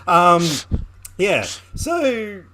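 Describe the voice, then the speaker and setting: A man's voice: high voice, very animated, drawn-out words, sharp tone, a little hiss or hum. A man hosting a podcast in casual chat, joking and rambling and laughing often. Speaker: podcast host.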